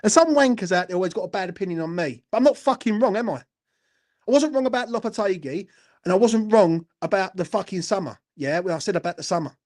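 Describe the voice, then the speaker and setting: A man's voice: high-pitched, lively intonation, fast talker, darkish tone. A man hosting a fan channel, delivering a furious, heavily sweary post-match football rant and often asking the viewer if they follow him. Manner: furious, heavily sweary, keeps asking "do you know what I mean".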